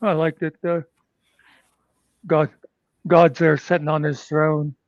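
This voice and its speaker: A man's voice: a little high, little pitch movement, slow, no echo. A man chatting casually on a livestream, rambling through crude jokes and stories. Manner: rambling joke-teller, crude. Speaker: livestream co-host. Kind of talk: casual chat. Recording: dull, dry lo-fi audio.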